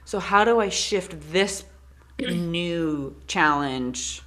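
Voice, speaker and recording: A woman's voice: fairly low pitch, drawn-out words, a bit bright. A woman co-hosting a podcast, chatting in a rambling, candid way, full of "like" and quoting her own thoughts. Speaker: podcast co-host. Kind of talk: casual chat.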